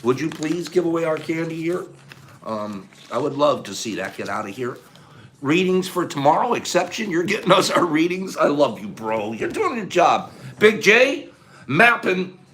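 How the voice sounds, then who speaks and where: A man hosting a casual livestream, emotional and animated, swinging from loud bursts to soft, choked-up murmurs. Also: fairly high pitch, normal speed, a little hiss or hum. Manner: emotional, gets choked up and clears his throat. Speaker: livestream host.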